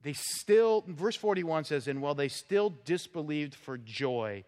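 Lively preaching man in a reverberant church. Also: fairly high pitch, unhurried. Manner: animated, conversational preaching with asides. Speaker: pastor. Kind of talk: expository sermon. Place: church sanctuary. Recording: long reverb of a church hall.

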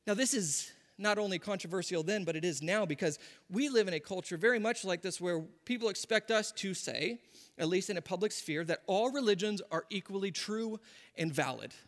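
A man preaching a sermon, telling the story in an animated way and acting out the people in it. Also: high-pitched, a little fast. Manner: animated storytelling, acts out voices with laughs. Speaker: pastor. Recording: long reverb of a large hall.

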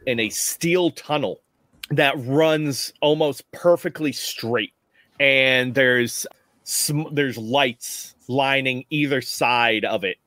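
A relaxed man narrating a tabletop role-playing game as game master. His voice sits mid-range and sounds dry and close. He rambles loosely through the scene. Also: medium pitch, no echo. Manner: relaxed, rambling, laughs often.

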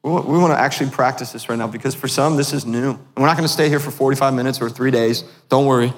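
A man's voice: medium pitch, steady tone, fast, long reverb tail. A man preaching a sermon as pastor, asking the congregation questions as he goes.

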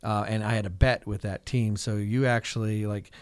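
A middle-aged man, a real estate agent and coach, talking in a chatty, energetic way with lots of "like" and "right?" in a casual radio interview. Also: fairly low pitch, moderate pace, clear, resonant tone, no echo. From Fresno, California.

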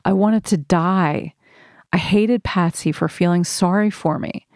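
A woman narrating a first-person audiobook in a slow, measured reading. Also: on the low side, a little mellow, no echo, studio quality.

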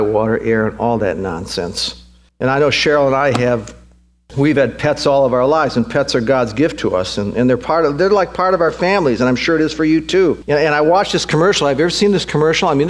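A middle-aged man preaching a sermon as pastor, emphatic and repeating phrases for stress. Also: fairly high pitch.

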